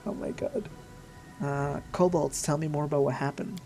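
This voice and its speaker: A host talking casually over gameplay, chatty and amused, with quick asides. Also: mid-range voice, steady tone, mellow, soft background music. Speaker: let's play host.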